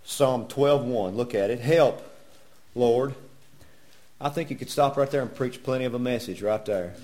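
Man preaching in church, folksy and joking, fond of rhetorical questions, mid-pitched voice. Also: normal speed, darkish tone. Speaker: pastor. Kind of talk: sermon.

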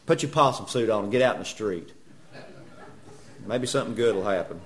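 A man's voice: fairly low pitch, a little fast. A man preaching a sermon in a church, folksy and joking, firing rhetorical questions at the congregation. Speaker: pastor.

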